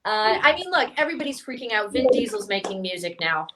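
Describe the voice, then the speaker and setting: A young woman from Canada doing a stand-up comedy set for an online stream, with a deadpan, self-mocking delivery. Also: mid-range voice, quick pace, a little hiss or hum, rough recording.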